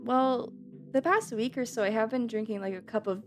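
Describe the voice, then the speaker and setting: A woman's voice: fairly high pitch, normal speed. Woman streamer, casual live chat, laughs easily, swears offhand, faint music underneath. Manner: chatty and giggly, swears casually.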